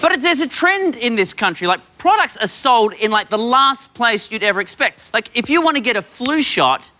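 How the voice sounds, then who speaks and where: A man's voice: extremely high pitch, moderate pace. An Australian man hosting a talk show, delivering a playful comedy monologue in a studio. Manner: playful, animated, jokey. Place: TV studio with live audience. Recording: studio audience laughter and crowd noise.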